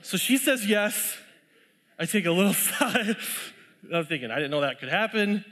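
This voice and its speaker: Male preacher, casual and chatty testimony, slightly higher voice, long church reverb. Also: very animated, brisk, a bit bright. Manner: conversational storytelling, laughs often. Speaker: pastor sharing testimony. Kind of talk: sermon with personal story.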